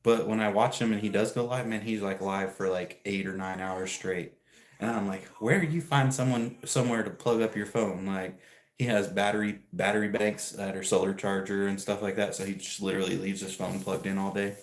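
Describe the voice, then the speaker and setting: A man's voice: low-pitched, little pitch movement, a little fast, roomy sound. A man chatting casually on a livestream, rambling through stories, laughing often and answering viewer messages from what sounds like his home garage. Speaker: live streamer.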